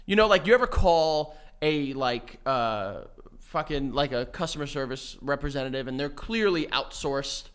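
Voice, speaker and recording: A man's voice: mid-range voice, animated, normal speed, clean tone. A young man co-hosting a podcast, joking in profane, casual banter that often trails off mid-thought. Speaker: podcast co-host. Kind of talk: casual chat.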